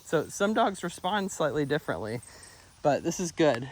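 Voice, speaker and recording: A man working as a dog trainer, coaching an owner outdoors in an upbeat way, laughing often. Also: moderate pace. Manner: upbeat, laughs often, breaks into high excited praise for the dogs. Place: outdoors near a pond.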